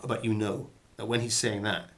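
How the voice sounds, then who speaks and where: A man's voice: lowish voice, fairly even intonation, moderate pace, gravelly. A middle-aged man hosting a comic monologue of acting advice, rambling and hesitant with a theatrical flair.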